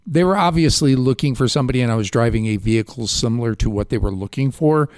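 A man's voice: medium pitch, fast, darkish tone, dry recording, clean studio sound. An older man hosting a radio call-in show, telling a story in a chatty way and then asking pointed questions. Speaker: radio talk show host. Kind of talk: casual radio interview.

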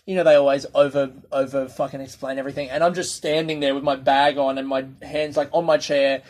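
A man's voice: medium pitch, level tone, brisk, a little mellow. A young man with an Australian accent, a stand-up comedian telling self-mocking stories, swearing freely and acting out the people he quotes. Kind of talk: casual storytelling monologue.

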